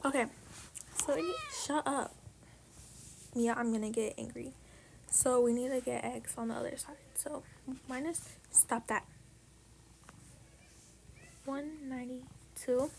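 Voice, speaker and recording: A woman's voice: high voice, steady tone, a little slow, creaky, long pauses, a little mellow, slight background noise. A young woman tutoring math casually, chatty and profane, often dropping to a whisper while she works out numbers. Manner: chatty, swears, slips into whispers while calculating. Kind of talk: casual tutorial over a tablet screen.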